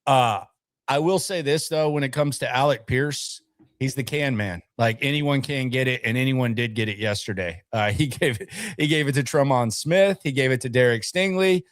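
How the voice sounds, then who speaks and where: A man's voice: medium pitch, dry recording. Chatty male sports co-host, dry sound. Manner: chatty, quick asides, reads viewer comments aloud. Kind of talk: casual sports talk.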